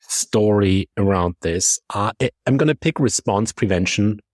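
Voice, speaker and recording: A man with a German accent, a confidence coach talking as a podcast guest and telling lively stories that act out his own thoughts. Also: lowish voice, a little slow, dry recording. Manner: lively storytelling, acts out quoted thoughts. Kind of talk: conversational podcast discussion.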